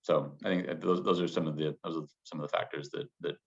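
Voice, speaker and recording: A man being interviewed as a business guest, answering in a measured way full of qualifiers. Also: rumbling low, steady tone. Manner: measured, hedging with many qualifiers. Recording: dull lo-fi sound.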